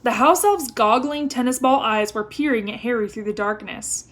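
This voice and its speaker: A woman reading a novel aloud with expressive storytelling. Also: fairly high pitch, moderate pace. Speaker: reader.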